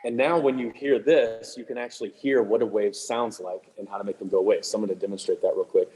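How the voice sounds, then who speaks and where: A man leading a clinic for music teachers, talking in a quick, chatty, joking way with lots of fillers and restarts. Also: lowish voice, fairly even intonation, mellow, poor audio. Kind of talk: casual clinic presentation. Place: room with attendees present, also on video call.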